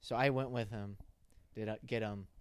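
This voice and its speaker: Smooth-voiced young man rambling on a podcast. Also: on the low side, fairly even intonation, no echo. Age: young adult. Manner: rambling, swearing, quick laughs. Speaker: podcast host. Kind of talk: casual podcast chat. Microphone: podcast mic.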